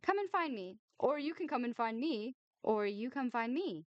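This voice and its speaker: A woman's voice: on the high side, lively intonation, normal speed, no room sound, lo-fi sound, pitched above the performer's own voice, lightly acted. A woman voicing a charming young man, coaxing and playful.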